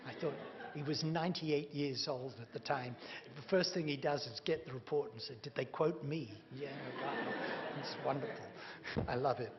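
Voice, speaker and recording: A man's voice: medium pitch, normal speed, a crowd in the background. A man giving a public lecture, emphatic and wry, leaning hard on key words. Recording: dull reverberant hall recording with faint hum.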